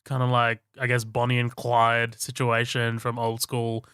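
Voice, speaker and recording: A man's voice: mid-range voice, completely flat delivery, measured pace, fairly bright tone, clean tone, no room sound, clean studio sound. A man with an Australian accent co-hosting a podcast, hedging his movie opinions with lots of fillers. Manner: hesitant, many fillers. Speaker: podcast co-host. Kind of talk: casual movie discussion.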